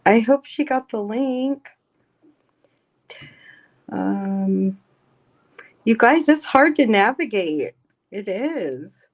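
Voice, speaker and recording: Slow-talking woman hosting a livestream. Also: on the high side, lively intonation. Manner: blunt, swears freely, reads chat aloud. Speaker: livestream host. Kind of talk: casual live-stream chat. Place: home.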